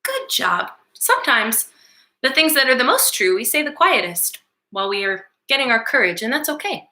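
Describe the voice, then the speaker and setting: A young woman leading a circle time lesson for small children, soft and encouraging, with slow spoken affirmations. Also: a little high, sing-song, roomy sound, rough recording.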